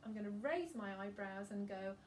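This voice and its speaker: A woman singing teacher gently guiding a breathing and vocal warm-up, giving calm, encouraging instructions. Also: mid-range voice, moderate pace, recorded from a distance, slight background noise.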